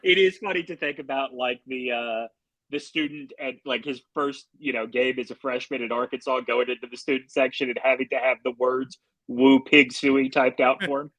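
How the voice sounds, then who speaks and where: A man's voice: medium pitch, fairly even intonation, a little fast, a bit bright, no room sound, low-quality recording. A man co-hosting a podcast, chatting casually and playfully riffing on jokes. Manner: playful, laughing, riffs on jokes. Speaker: podcast co-host. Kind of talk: casual chat.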